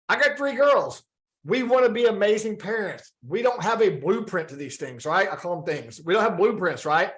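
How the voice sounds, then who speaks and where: Man, high voice, group coach, video call, casual talk, rhetorical questions. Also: fairly bright tone. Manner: acts out quoted inner thoughts. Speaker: fitness and wellness coach.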